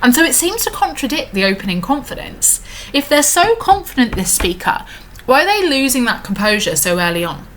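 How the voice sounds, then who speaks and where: A woman teacher in a recorded lesson who explains a poem step by step, often pausing on fillers and reading lines out slowly. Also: sits high, very animated, fairly bright tone, slight background noise.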